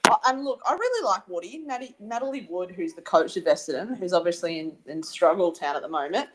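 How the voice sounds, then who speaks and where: A woman with an Australian accent co-hosting a casual sports chat, telling quick anecdotes with laughs and little impressions of people. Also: on the low side, animated, noisy background. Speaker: podcast co-host.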